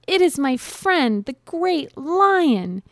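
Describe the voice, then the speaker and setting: A woman voicing a tiny, timid male mouse in a storybook reading, in a high, squeaky, begging voice. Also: big pitch swings, slow, no room sound, clean studio sound, heavily acted. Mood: earnest.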